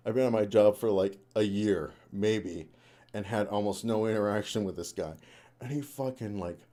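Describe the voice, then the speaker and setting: A man's voice: fairly low pitch, mellow. A young man live streaming, chatting casually and rambling, swearing and laughing often. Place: home room.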